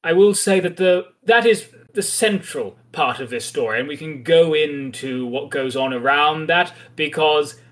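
In this casual podcast chat, the male host discusses a comic with a thoughtful, talkative and gently wry manner. His pitch is fairly high, his pace measured, and he pauses only occasionally.

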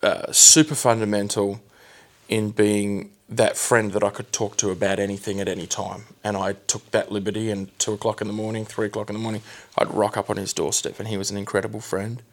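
A man telling his personal story as a guest, candid and halting, often restarting his sentences. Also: lowish voice, level tone.

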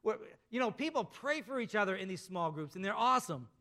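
Male pastor, high bright voice, emphatic sermon delivery with drawn-out endings. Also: lively intonation.

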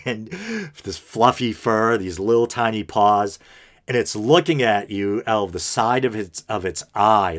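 A man hosting an unscripted podcast, talking in an earnest, rambling way with lots of fillers and restarts. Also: on the low side. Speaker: podcast host.

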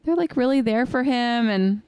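A young woman in casual chat, recapping a movie with lively retellings and frequent laughter. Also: on the high side, moderate pace, clear, resonant tone. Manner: animated, laughs often, acts out lines from scenes.

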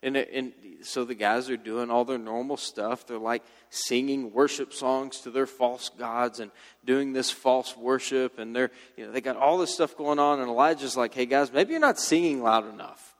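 A man preaching a sermon, retelling a story in a casual, animated way. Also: mid-range voice, moderate pace, in a large hall.

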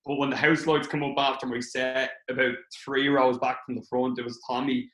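An Irish man, a comedian, telling stories in a casual podcast chat, animated and swearing freely. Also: mid-range voice, a little fast. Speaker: comedian guest. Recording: roomy echo.

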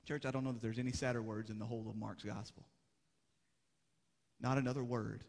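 A young adult man preaching a sermon as pastor, moving between urgent, rising exhortation and hushed, grave passages. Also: medium pitch, fairly even intonation, fairly quick, creaky, long pauses. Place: church sanctuary. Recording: long hall reverb.

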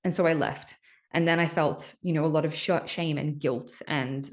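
A woman talks through her own experiences on a podcast in a fairly low voice. She is frank and emphatic, swears freely and keeps turning to the listener with "right?". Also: fairly even intonation, moderate pace. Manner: candid and emphatic, swears casually, frequent "right?". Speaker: podcast host. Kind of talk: personal storytelling monologue.

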